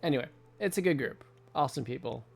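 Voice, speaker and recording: An American man in his thirties, with a medium-pitched, gravelly voice, talks quickly and animatedly over soft background music. He's an artist streaming from his home studio at night, drawing while he chats casually with viewers, rambling and laughing often.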